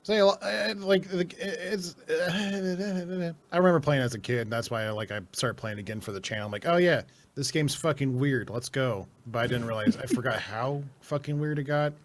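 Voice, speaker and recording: A man's voice: on the high side, fairly quick, few pauses. A young man chatting casually on a podcast, rambling with many fillers, swearing and laughing often. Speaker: podcast co-host.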